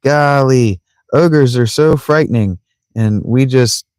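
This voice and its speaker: A man's voice: mid-range voice, slow, a little mellow, clean tone, dry recording. A man giving casual, rambling gameplay commentary from a sleeping bag in a tent, joking to himself and mispronouncing words on purpose. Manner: rambling, joking self-talk with playful mispronunciations. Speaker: let's play streamer.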